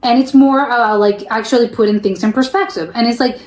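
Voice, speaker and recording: A young woman from the United States talks casually as she reacts on camera, thinking out loud. Her voice sits a touch high. She often stops and restarts her sentences, and the room gives her voice a noticeable echo. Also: brisk. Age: young adult. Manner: chatty, thinks aloud, many fillers and restarts. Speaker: reaction video host.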